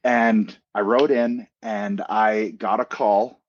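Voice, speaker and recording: A middle-aged Canadian man guests on a podcast, telling stories casually and animatedly with jokey asides and plenty of fillers. His voice is on the low side, he takes it slowly, and the sound is lo-fi.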